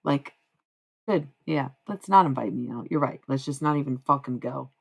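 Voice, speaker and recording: A woman's voice: extremely low pitch, moderate pace, vocal fry, breathy edge. A woman livestreaming in casual chat, talking candidly with frequent profanity and self-mocking humor.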